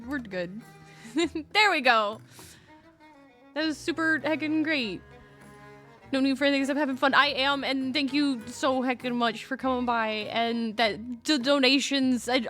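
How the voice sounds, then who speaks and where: A woman's voice: sits high, a bit bright. A young woman chatting casually on a live stream, gushing and a little scattered as she talks to her viewers. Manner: bubbly, gushing and a bit scattered.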